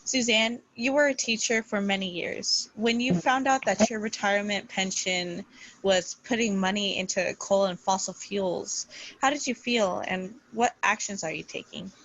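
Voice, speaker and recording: Woman reading off a script, steady even delivery, plain voice. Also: mid-range voice, moderate pace, no room sound, highs cut off. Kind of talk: reading prepared remarks.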